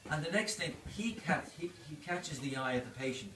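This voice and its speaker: An Irish man in his fifties tells stories at his own birthday party in a fairly high voice, laughing through the punchlines. He is caught from a distance in an echoing room. The party noise around him stays clearly audible. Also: expressive, brisk. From Ireland. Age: 50s. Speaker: doctor giving a birthday speech. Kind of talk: anecdotal party speech. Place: indoor party venue.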